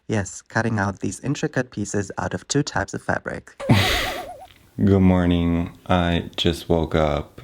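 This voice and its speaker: A man's voice: low voice, creaky, a little mellow. A man chatting casually as he sews, self-deprecating and laughing often. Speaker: fashion vlogger. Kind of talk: casual chat while sewing.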